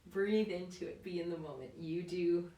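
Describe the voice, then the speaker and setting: A woman leading a yoga class in a calm, encouraging way, often checking in with "right?". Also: lowish voice, moderate pace. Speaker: yoga instructor. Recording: roomy echo, mic at a distance.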